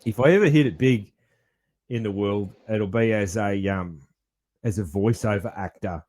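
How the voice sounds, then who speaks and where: Casting: Australian man, podcast co-host, low-pitched, rambling and laid-back with casual swearing. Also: normal speed, darkish tone. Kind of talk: casual chat.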